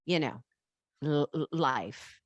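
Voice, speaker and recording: Chatty woman, lively swooping voice. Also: slow pace. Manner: chatty and playful, jumping pitch. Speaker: podcast co-host. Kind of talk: casual chat. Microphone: large studio microphone.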